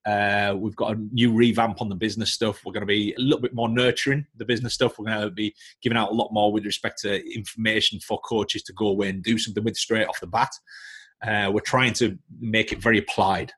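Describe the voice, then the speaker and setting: A man's voice: on the low side, level tone, fast, a bit bright, slightly rough. A man with a Northern English accent, a coaching mentor explaining his views bluntly in a casual podcast conversation. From Northern England. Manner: blunt, lecturing with examples. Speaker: coaching business mentor, guest.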